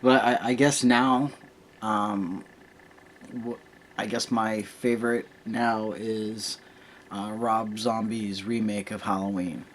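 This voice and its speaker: A man's voice: on the low side, takes it slowly, creaky, a little hiss or hum. A man in his thirties chatting casually at home, laid-back, swearing freely and telling rambling stories. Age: 30s. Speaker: co-host. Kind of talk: casual chat.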